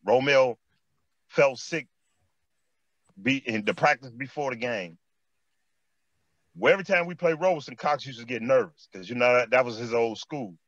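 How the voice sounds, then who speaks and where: Animated Chicago man telling street stories. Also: medium pitch, normal speed, pauses often, no echo, muffled recording. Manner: animated street storytelling, repeats phrases and says "man" often. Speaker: former basketball player, guest. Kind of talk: storytelling interview chat.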